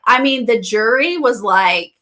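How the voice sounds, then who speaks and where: Woman, casual recap co-host, lively pitch, bright voice, acts out quotes. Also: measured pace.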